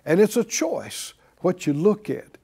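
A man's voice: sits high, wildly swooping pitch, a little slow, vocal fry, dark tone, breathy edge. A man preaching a sermon as pastor, drawing responses from the congregation with rhetorical questions and repeated key phrases.

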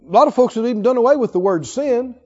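A man's voice: very high voice, animated, fast, a little mellow. A man preaching a sermon as pastor, calling on the congregation for responses and building to emphatic exhortation. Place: church sanctuary. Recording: dull sound with long hall reverb.

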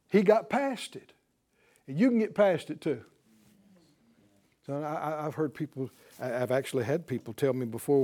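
A man preaching a sermon with passion, swinging from loud exclamations to hushed prayer and leading the listeners in a spoken prayer. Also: on the high side, lively intonation, unhurried. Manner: leads congregation in spoken prayer.

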